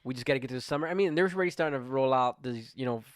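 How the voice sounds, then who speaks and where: A man's voice: medium pitch, racing, no room sound. A man co-hosting a podcast in casual chat, rambling through stories with plenty of swearing. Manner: profane, rambling storyteller. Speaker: podcast co-host.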